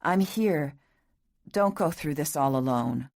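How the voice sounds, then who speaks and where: A woman narrator voicing a tender, anguished young husband who pleads softly and throatily. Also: sits low, lively intonation, takes it slowly, vocal fry, dry recording, studio quality, heavily acted. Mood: tender pleading.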